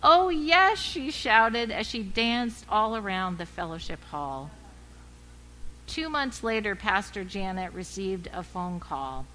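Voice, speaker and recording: A woman pastor giving a sermon, telling a story in a measured, reflective way. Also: medium pitch, lively intonation, sharp tone, low-quality recording.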